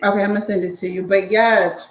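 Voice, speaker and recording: A woman's voice: mid-range voice, level tone, fast. A woman hosting a casual podcast chat, sassy and teasing. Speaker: podcast host.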